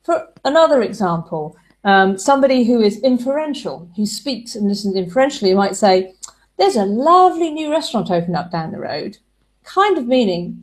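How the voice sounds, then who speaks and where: A woman's voice: mid-range voice, sing-song, moderate pace. A woman giving a relationship advice talk, explaining ideas through everyday examples.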